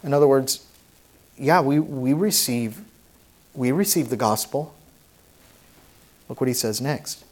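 Guy preaching a sermon, reads old scripture then tells a story, earnest, regular pitch. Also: a little slow, pauses often, darkish tone. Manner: reads scripture in old-fashioned wording, then explains it plainly. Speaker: pastor.

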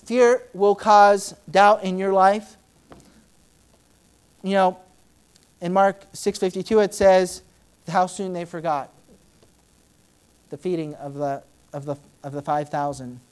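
A woman preaching a sermon in a conversational way, with many fillers, who acts out Bible scenes with sudden loud, high outbursts. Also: clear, resonant tone. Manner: dramatic, acting out Bible scenes in shifting voices.

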